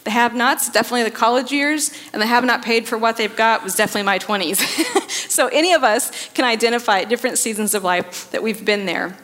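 A woman's voice: on the high side, quick pace, a bit bright. A woman in her thirties giving a sermon to a church audience, engaging them with questions and laughing at her own jokes. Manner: engaging, asks the audience to respond. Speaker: speaker at a church service. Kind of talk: sermon on faith and finances. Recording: reverberant hall.

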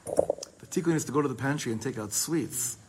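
A man's voice: mid-range voice, brisk, noisy background. A man teaching a Torah class as a rabbi, speaking emphatically and mixing Hebrew terms into his English.

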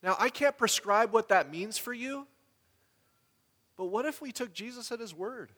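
A man preaching a sermon in a casual storytelling way, acting out the people in his stories with lively energy. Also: very high-pitched, moderate pace, big-room sound. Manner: conversational storytelling, animated when quoting others. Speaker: pastor.

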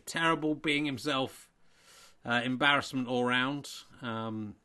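A man's voice: mid-range voice, pushed and bright. A man hosting and giving a playful, self-mocking mock sports commentary.

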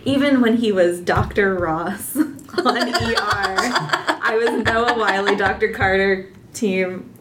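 A woman's voice: mid-range voice, slow pace, music in the background. A woman co-hosting a casual book podcast, who talks enthusiastically and emphatically. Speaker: podcast co-host.

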